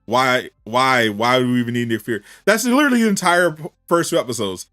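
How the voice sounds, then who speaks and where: A man chatting casually as a streamer on a live reaction stream, animated and incredulous, firing off rhetorical questions. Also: medium pitch, brisk, few pauses, no echo, studio quality, soft background music.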